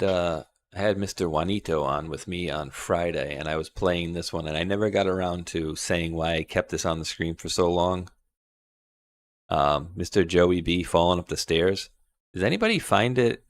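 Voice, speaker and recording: Casting: deep, gravelly male podcast host, loose and rambling. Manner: rambling with many fillers. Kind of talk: casual chat.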